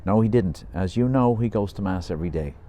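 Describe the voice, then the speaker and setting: A man's voice: lowish voice, animated, fairly quick, dark tone, voice pushed up, lightly acted. A man voicing a chatty pub regular who rambles through a long story with wry humor.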